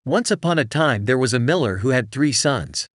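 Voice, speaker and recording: A man narrating a children's bedtime fairy tale in a gentle, lively reading voice. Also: mid-range voice, normal speed, no echo, clean studio sound. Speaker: storyteller.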